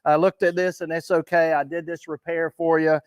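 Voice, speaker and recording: A man co-hosting a podcast, chatting casually in an upbeat, encouraging way. His voice is a bit higher than most men's. It is recorded dry and close. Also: flat delivery, normal speed, clear, resonant tone, no room sound. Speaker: podcast co-host. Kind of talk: casual chat.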